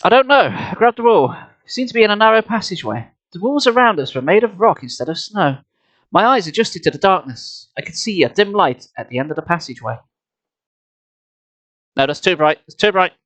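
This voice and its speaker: A man's voice: high voice, very animated, fairly quick, a bit bright. A man reading a children's horror book aloud on a live stream, playful and mocking himself between passages. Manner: playful, self-mocking asides between narration. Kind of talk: live storybook reading with asides. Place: home streaming setup. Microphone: desk mic, laptop.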